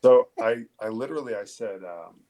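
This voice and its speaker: A police detective telling a personal story in a halting, candid way, swearing casually. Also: male voice, medium pitch, warm tone. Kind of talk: conversational storytelling.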